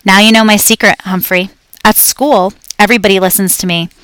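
A patient, worn-out middle-aged principal, played by a woman reading aloud, speaking calmly and firmly in a mid-pitched voice. The sound is dry and close. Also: a little fast, clear, resonant tone, no echo, close to an everyday voice, poor audio. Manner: calm, patient, firm. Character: kind, weary middle-aged male school principal.

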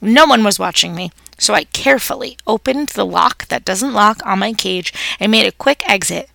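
A woman's voice: mid-range voice, expressive, normal speed, gravelly, pushed and bright, no echo. A woman reading a children's story aloud, narrating expressively as a pet hamster.

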